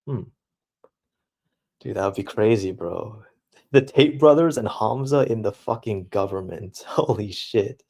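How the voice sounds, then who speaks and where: A young man holds a casual livestream and answers his chat. His talk is relaxed and slangy, thick with dude and bro, and his voice sits slightly low. It sounds like a desktop mic. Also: measured pace. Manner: slangy and laid-back, peppered with dude and bro. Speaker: streamer.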